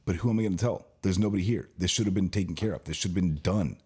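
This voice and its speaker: A man's voice: low voice, racing, warm tone, slightly rough. A man co-hosting a casual podcast, telling a long, venting story about his work at a car dealership, with frequent restarts. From California, US. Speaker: podcast co-host, service department worker at a car dealership.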